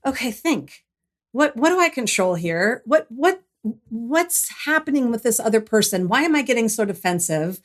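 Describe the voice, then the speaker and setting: A woman's voice: fairly high pitch, moderate pace, few pauses. Middle-aged lady guest telling her story, thoughtful, lots of restarts. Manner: reflective, animated when retelling, frequent restarts. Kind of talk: podcast interview, personal storytelling.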